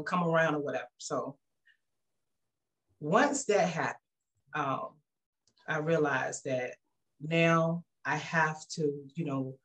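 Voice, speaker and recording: A guest at church, she tells her testimony in a casual, animated, storytelling manner. She performs the voices she quotes with wide pitch jumps and keeps restarting as she speaks.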